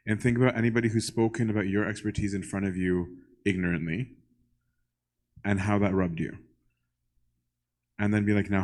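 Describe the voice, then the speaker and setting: Answering a congregation's questions in relaxed fashion, a young male priest keeps saying "right?" and acts out brief exchanges. His lowish voice is a little mellow, and the recording is low quality.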